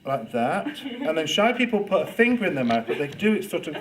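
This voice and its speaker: A man's voice: a little high, big pitch swings, a little fast, crowd noise. A man leading a storytelling workshop with playful, demonstrative, teasing delivery. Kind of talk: lively workshop talk to students. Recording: loud background noise.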